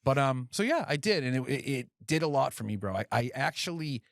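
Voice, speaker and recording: A man in his forties co-hosting a podcast in casual chat, excitable and profane. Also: mid-range voice, a little fast, vocal fry, dry recording, clean studio sound. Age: 40s. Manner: excitable, profane, acts out animal voices in quotes. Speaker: podcast co-host.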